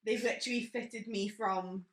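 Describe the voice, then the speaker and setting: A woman's voice: mid-range voice, steady tone, normal speed, echoey room. A young pregnant woman co-hosting a podcast in casual chat, dry and teasing. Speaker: podcast co-host.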